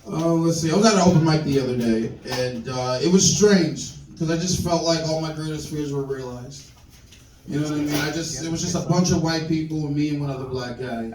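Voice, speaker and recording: Brief: male stand-up comic, high voice, animated, roomy club sound, mic at a distance, audience laughing. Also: brisk, a crowd in the background. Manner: animated, acts out other people's voices. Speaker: stand-up comedian. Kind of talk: stand-up comedy set. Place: comedy club with live audience.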